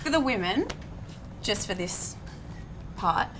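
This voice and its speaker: A woman's voice: medium pitch, expressive, slow pace, heavy background noise. A woman moderating a casual panel chat, asking questions and offering brief encouragement.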